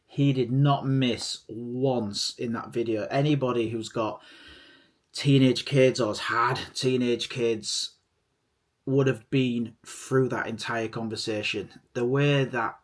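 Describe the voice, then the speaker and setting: Middle-aged male reaction host, casual and rambling, mid pitch. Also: steady tone, slow pace. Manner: rambling and enthusiastic, repeats himself.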